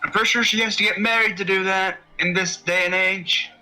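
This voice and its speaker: A man's voice: high-pitched, steady tone, fairly quick, pushed and bright, poor audio. A man joining a casual game stream, curious and wry in his comments.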